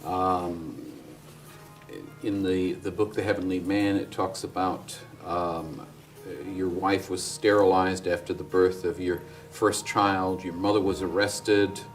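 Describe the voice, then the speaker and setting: A man interviewing a guest, asking his questions hesitantly with many pauses and fillers. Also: deep voice, flat delivery, faint music behind. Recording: voice off-mic, from a distance.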